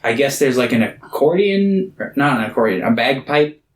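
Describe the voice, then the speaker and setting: A man's voice: mid-range voice, lively intonation, normal speed, reverberant, rough recording. A man co-hosting a podcast, recapping a movie in a rambling, laid-back chat. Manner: rambling, laid-back, lots of filler words. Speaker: podcast co-host.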